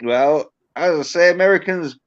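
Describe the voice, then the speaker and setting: A man's voice: on the high side, moderate pace, smooth. British male guest, teasing and sweary, muffled lo-fi call sound. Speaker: livestream guest. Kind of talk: casual chat.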